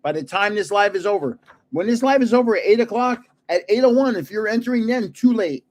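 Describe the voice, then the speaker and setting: An older man hosts a card-collecting livestream, chatting casually over pack openings and laughing at himself as he guesses card names. His high, slightly mellow voice is lively in intonation and a little fast, with slight background noise in the recording.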